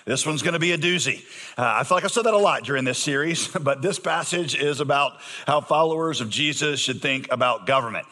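A man's voice: a little high, brisk, sharp tone, long reverb tail. A man preaching a sermon as pastor, joking in a conversational way and reading scripture aloud with emphasis.

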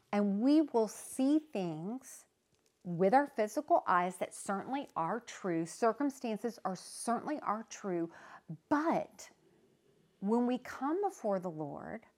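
A woman hosting a faith-based talk, speaking in an earnest, conversational and reflective way. She sometimes pauses to search for the right word. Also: medium pitch. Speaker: podcast host.

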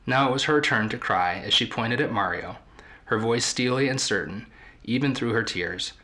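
A podcast host reading a story aloud from a book in a measured, storytelling way. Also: male voice, medium pitch, bright, forceful tone.

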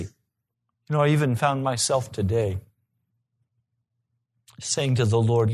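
A male pastor preaching a sermon, earnest, with slow, emphatic repetitions. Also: medium pitch, darkish tone.

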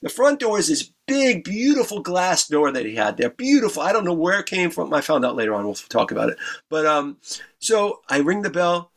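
Man, raised pitch, casual guest storyteller, profane and animated. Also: brisk. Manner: animated storyteller, stumbling restarts, acts out voices. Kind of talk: casual anecdote, heavy swearing.

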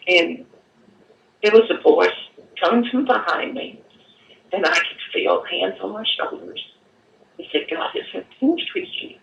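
A woman giving an earnest personal testimony, halting and at times choked up, in an echoey room away from the mic. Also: fairly low pitch, vocal fry, fairly bright tone, recorded from a distance. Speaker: guest telling her story.

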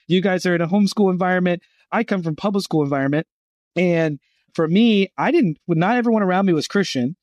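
Speaking on behalf of a Christian gap year college, a middle-aged podcast guest tells stories briskly and with energy, acting out the voices of the people he describes. His voice sits slightly high for a man, and the audio is dry and close, without echo.

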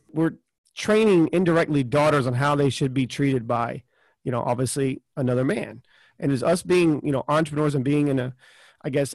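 A man hosting a podcast, asking a long question in a halting way as he searches for words, and affirming his guest often. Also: mid-range voice, no room sound. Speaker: podcast host. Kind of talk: interview conversation.

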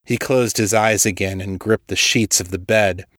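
A male storyteller with a fairly low voice reads a scripted story in a steady, measured way. The recording is close and dry, with no room sound. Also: no room sound. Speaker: storyteller, podcast host. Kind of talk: scripted audiobook narration.

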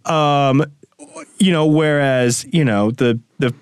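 A man co-hosting a podcast, telling stories with an animated delivery and frequent laughs in casual chat. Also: medium pitch, slow, clean tone, no echo, studio quality. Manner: animated storytelling, laughs often. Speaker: podcast co-host.

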